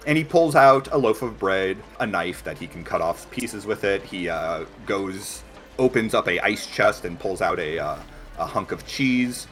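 A man narrating a tabletop game as game master, halting and full of fillers. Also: low voice, lively intonation, fairly bright tone, faint music behind.

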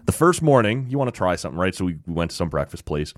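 Man, low voice, dry close sound, easygoing host, anecdotal, chuckles often. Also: quick pace, no echo. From Canada. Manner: relaxed storyteller, laughs easily, tags sentences with "right?". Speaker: podcast host. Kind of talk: casual conversational interview.

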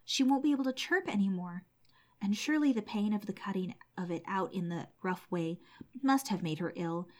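A woman's voice: mid-range voice, moderate pace, lightly acted. A woman voicing a kind-hearted old man in a storybook, anxious and pleading over his lost pet. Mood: distressed.

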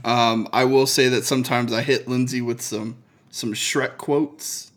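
A man's voice: mid-range voice, steady tone, a little slow. A man chatting casually on a podcast, easygoing and amused. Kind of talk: casual chat.

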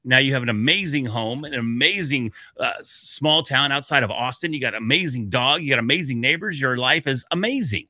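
A man's voice: mid-range voice, lively intonation, brisk, few pauses, sharp tone, no echo. A man co-hosting a podcast in casual chat, upbeat and joking. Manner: upbeat, joking, easily laughing. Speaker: podcast co-host.

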